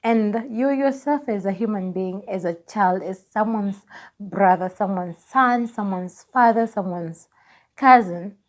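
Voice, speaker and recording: A young Kenyan woman in her twenties telling a personal story on her vlog, lively and laughing as she acts out what people said. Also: medium pitch, a little slow. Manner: animated, laughing, acts out dialogue. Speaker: vlogger.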